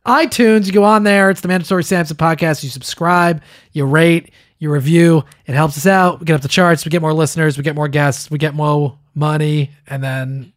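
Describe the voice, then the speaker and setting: A man's voice: on the high side, fairly even intonation, moderate pace, no echo, clean studio sound. A man hosting a podcast, chatting casually and telling jokey stories with his co-host. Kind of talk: casual chat.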